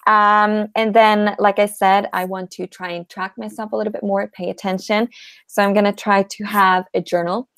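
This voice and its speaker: A woman writer on a live workshop panel, speaking earnestly and thoughtfully with small pauses. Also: medium pitch, little pitch movement, fairly bright tone, clean tone, dry recording. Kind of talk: casual live video chat.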